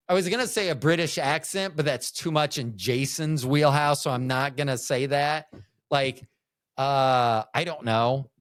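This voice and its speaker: A man's voice: a little high, fairly bright tone, dry recording, studio quality. A man hosting a solo podcast, rambling through jokey asides with frequent restarts. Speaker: podcast host.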